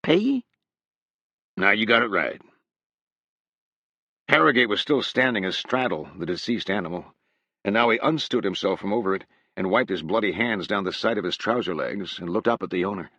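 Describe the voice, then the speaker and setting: Low-voiced male audiobook narrator. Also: lively intonation, fairly quick, sharp tone, no room sound, highs cut off.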